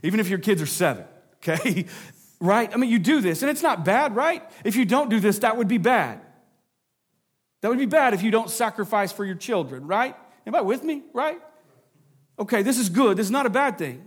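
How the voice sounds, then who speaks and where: A man preaching a sermon, dropping into low hushes and rising into emphatic lines, with jokey asides to the congregation. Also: big pitch swings, a little fast, husky. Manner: dramatic drops to a low hush, then rising emphasis. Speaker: pastor.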